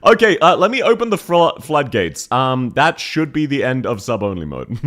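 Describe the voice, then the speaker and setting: A man's voice: medium pitch, very animated, normal speed, a bit bright. A male streamer chatting casually with his viewers, laughing often and thanking them, slightly congested and coughing. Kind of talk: casual live stream chat.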